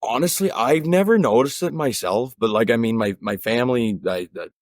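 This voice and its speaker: A man with an Ottawa Valley country twang, chatting casually as a guest in an interview, relaxed and rambling with fillers and restarts. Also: medium pitch, normal speed, no room sound, clean studio sound. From Ontario, Canada. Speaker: guest musician.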